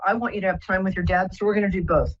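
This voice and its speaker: Female psychic host, gentle and reassuring, husky voice, dull broadcast audio. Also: mid-range voice, little pitch movement, racing. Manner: gentle, reassuring, rambling with many fillers. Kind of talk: live call-in psychic reading.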